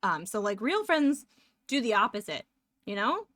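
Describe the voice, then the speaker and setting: Chatty young woman streamer, slightly high. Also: very animated, moderate pace, fairly bright tone, dry recording, clean studio sound. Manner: rambling and chatty, eating between sentences. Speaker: live streamer. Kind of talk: casual chat with viewers.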